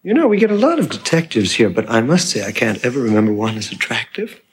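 A man's voice: medium pitch, sing-song, fast talker, a little hiss or hum, close to an everyday voice. A man playing a smarmy, leering asylum doctor. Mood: smug. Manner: smooth, condescending, flirtatious. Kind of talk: film dialogue.

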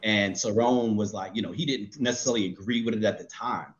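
A man co-hosting a casual podcast chat, animated and often laughing as he acts out what he would say. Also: lowish voice, brisk, muffled recording. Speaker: co-host.

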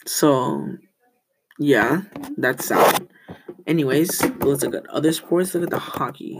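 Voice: medium pitch, lively intonation, takes it slowly, pauses often, noisy background. A teenage student hosting a casual school podcast, rambling, often correcting themselves and telling corny jokes.

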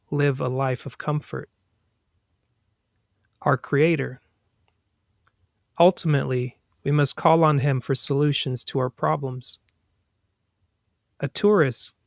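Man reading a daily motivation on his podcast, slow and deliberate, dry close sound. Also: mid-range voice, gravelly, dry recording. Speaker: podcast host.

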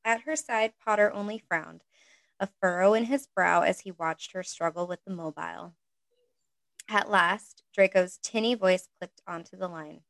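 A woman's voice: on the low side, normal speed, a bit bright, no echo, rough recording. A woman reading a story aloud in a casual way, breaking off now and then for chatty asides of her own. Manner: reads narration with chatty asides and laughs. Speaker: reader.

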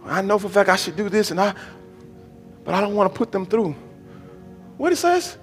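A male preacher delivering a sermon. He swings from low murmurs to shouted, drawn-out exhortation and repeats phrases in a rhythmic preaching cadence. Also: expressive, big-room sound, soft background music. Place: church hall.

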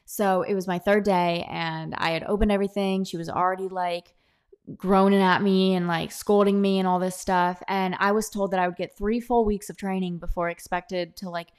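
A young woman hosting her own podcast, telling a work story in a chatty, animated way and acting out what others said. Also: medium pitch, normal speed, smooth. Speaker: podcast host. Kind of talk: casual storytelling monologue. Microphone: own podcast mic, close.

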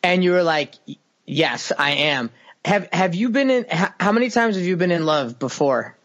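A man co-hosting a podcast, teasing and animated in casual chat. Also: high-pitched, fairly quick. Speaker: podcast host.

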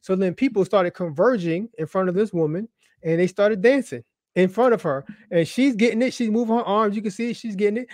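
A man's voice: high-pitched, a little fast, a little mellow, no echo, studio quality. A man co-hosting a casual show, telling stories about church videos in an amused way and laughing often. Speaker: co-host.

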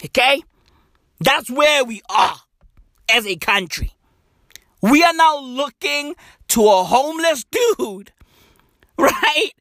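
A man's voice: very high voice, very animated, slow, pauses often, dry recording, clean studio sound. Exasperated sweary man. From South Africa. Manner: exasperated, sweary, slangy, swinging from loud outbursts to weary mutters. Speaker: comedian. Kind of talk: profane stand-up rant.

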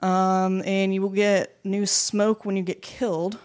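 A woman's voice: medium pitch, flat delivery, a little slow, darkish tone, smooth. A woman co-hosting a casual gaming podcast, reading out news and schedules with joking asides. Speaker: podcast co-host. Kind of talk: casual esports podcast chat.

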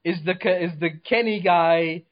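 A man co-hosting a casual movie podcast, talking excitedly with laughs and swearing. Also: high voice, normal speed, highs cut off. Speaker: podcast co-host.

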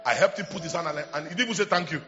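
A middle-aged man with a Nigerian English accent, preaching a charismatic sermon with loud call-and-response and repetition. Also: a little high, lively intonation, very fast, muffled recording, music in the background. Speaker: bishop preaching.

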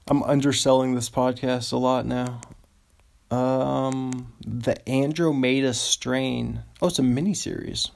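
A man's voice: medium pitch, steady tone, slow, gravelly. A man hosting a solo podcast, rambling and amused with himself as he cheers on his own jokes. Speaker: podcast host.

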